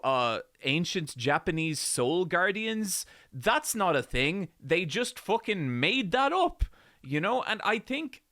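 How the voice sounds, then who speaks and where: A man's voice: a little high, bright, forceful tone, no echo, studio quality. An Irish man hosting a commentary video, talking animatedly and swearing as he riffs with restarts. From Ireland. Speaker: video essay host. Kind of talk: casual commentary.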